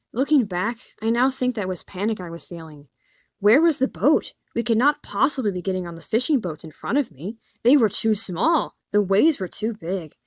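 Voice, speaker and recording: A woman narrating an audiobook in the first person, with an earnest, expressive reading. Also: medium pitch, no room sound, studio quality. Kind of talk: scripted narration.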